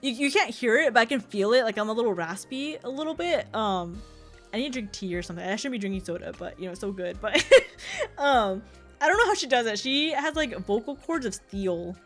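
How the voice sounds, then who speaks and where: A woman's voice: a little high, expressive, brisk, faint music behind. A young woman streaming, chatting casually with her chat, laughing often and tripping over restarts. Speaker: VTuber streamer.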